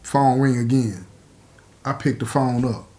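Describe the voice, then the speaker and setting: A man casually telling a personal story to his listeners, animated and full of asides. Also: mid-range voice, unhurried. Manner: animated, talks straight to listeners with frequent asides.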